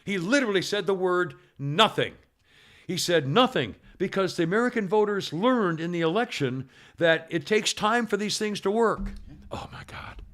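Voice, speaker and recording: A man's voice: high-pitched, animated, normal speed, a bit bright. A man hosting a talk radio show, rambling and sarcastic, often mocking people in put-on quotes. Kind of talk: casual talk radio chat.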